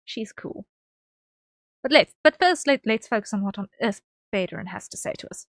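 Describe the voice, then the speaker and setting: A woman's voice: mid-range voice, sing-song, fast, dry recording, studio quality. A woman streamer from the UK, chatting casually to her viewers, rambling with ums and repeated phrases. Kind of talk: casual chat.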